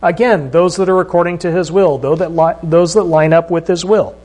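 A man with a high voice preaches a sermon. He keeps it conversational and asks his listeners questions as he goes. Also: steady tone, fairly quick, a little mellow. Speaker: pastor.

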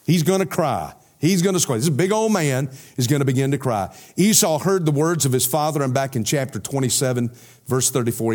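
A man's voice: a little high, a little mellow. A man preaching an expository sermon, explaining scripture verse by verse and often restarting his phrases.

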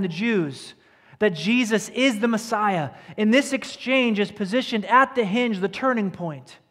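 A man preaching a sermon as pastor to his congregation, earnest and emphatic, sometimes sinking to a hushed tone. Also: high-pitched. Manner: earnest preacher, dropping to a hush at key lines. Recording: church hall with long reverb.

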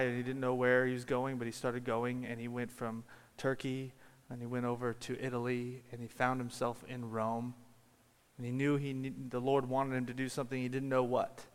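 A man's voice: medium pitch, clean tone. Preacher man in a reverberant hall. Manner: storytelling, builds to shouted climaxes. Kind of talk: sermon. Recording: long reverb of a large hall.

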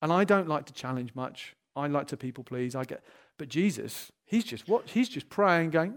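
A middle-aged man preaching a sermon, lively and animated, moving from playful asides to hushed, earnest appeals. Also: a little high, normal speed.

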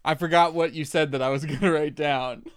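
A man's voice: fairly high pitch, steady tone, brisk, clean tone. A man co-hosting a podcast, chatting casually in a joking, rambling way and laughing often. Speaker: podcast co-host. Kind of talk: casual chat.

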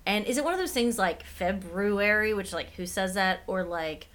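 A woman's voice: mid-range voice, animated, normal speed, a bit bright. A woman in her thirties co-hosting a podcast, playful and jokey in casual chat. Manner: playful, jokey, laughs often. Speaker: podcast co-host.

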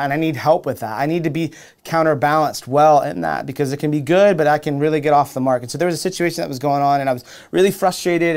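A young adult man preaching a sermon in an earnest, conversational way, often repeating and restarting his words. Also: a little high. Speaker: pastor.

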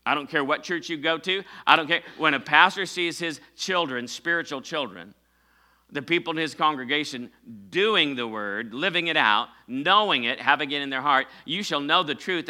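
A middle-aged male pastor delivers a sermon in a loose, conversational way, correcting himself mid-sentence and drawing responses from his congregation. His voice is strikingly bright and forward, sitting somewhat high for a man. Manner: preaching with call-and-response to the congregation; fillers and self-corrections, conversational.

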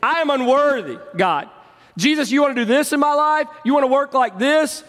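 A man's voice: animated, moderate pace, a bit bright, in a large hall. A man voicing a humble Roman officer who pleads that he is unworthy. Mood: pleading. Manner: earnest, pleading, self-lowering.

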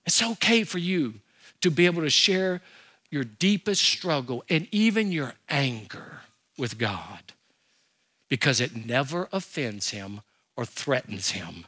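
An older man preaching a sermon as a pastor, animated and humorous, telling stories and asking rhetorical questions. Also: mid-range voice, a little slow.

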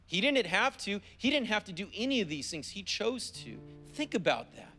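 A pastor delivers a church sermon in a notably high male voice, hammering home his points by repeating phrases. When he reads scripture aloud he slows right down. A soft instrumental plays faintly underneath. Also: big pitch swings, faint music behind. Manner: emphatic preaching with repeated phrases for emphasis. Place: church service.

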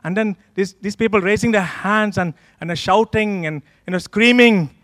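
Male pastor, sermon testimony; high-pitched, vivid storyteller, dry close recording. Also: moderate pace, dry recording. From Kenya. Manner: animated storyteller, acts out his own past thoughts. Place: church service.

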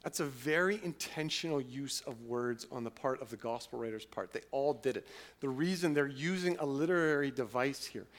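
A man preaching a sermon, moving from loud, emphatic passages to quiet, reflective ones, sometimes acting out a listener's doubts. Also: medium pitch. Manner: acts out listeners' doubts in a casual, halting voice. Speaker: pastor.

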